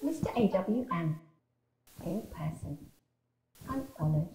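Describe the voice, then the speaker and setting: An actress playing a calm, matter-of-fact doctor in an audio drama, reassuring a patient. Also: female voice, lowish voice, slow pace, reverberant, slight background noise, rough recording. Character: calm, smooth-talking woman doctor.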